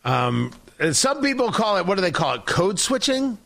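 A man's voice: high-pitched, big pitch swings, normal speed, gravelly, a bit bright. A male talk show host giving sarcastic, rambling political commentary. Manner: sarcastic, mocking, rambling with restarts.

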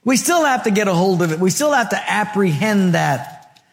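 A pastor preaches a sermon to his congregation in a high, very animated voice at a moderate pace, with a long reverb tail. He poses rhetorical questions and tells stories, voicing the quotes and laughing along the way.

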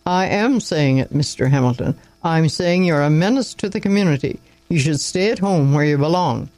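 A man's voice: fairly high pitch, normal speed, no echo, lightly acted, rough recording. A man reading a story aloud and voicing a weary young country doctor who speaks curtly and with contempt. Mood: contemptuous. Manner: curt, contemptuous, sharp.

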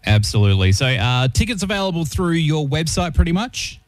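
A man's voice: fairly high pitch, very animated, brisk, no echo. An Australian man hosting a radio interview, chatty and easily amused, with lots of fillers. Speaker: radio host.

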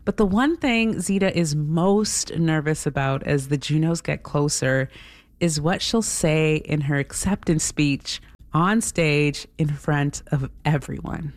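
A woman radio host asking questions and narrating a feature in a steady manner. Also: deep voice, takes it slowly, no echo.

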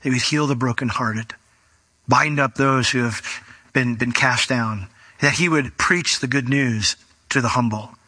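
A man's voice: medium pitch, measured pace, bright, forceful tone, no room sound. A man preaching a sermon in a conversational way, sometimes acting out the people in the story. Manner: conversational, acts out quoted voices.

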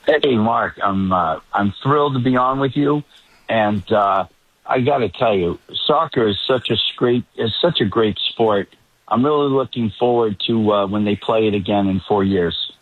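Husky Boston man on a phone line. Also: lowish voice, moderate pace, dry recording. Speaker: political reporter, regular panelist. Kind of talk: remote call-in commentary.

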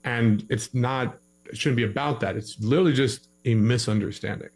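A man's voice: mid-range voice, moderate pace, darkish tone, slightly rough, low-quality recording. A young man giving relationship advice in a casual podcast conversation, acting out both sides of a couple's arguments in his stories.

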